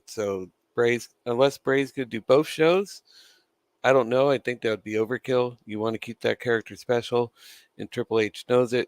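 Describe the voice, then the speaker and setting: Man, mid-pitch, gum in mouth, chatty and profane; dry close mic. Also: clean tone, no room sound. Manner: chatty, swears freely, laughs between points. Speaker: wrestling news vlogger. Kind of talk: casual opinionated commentary.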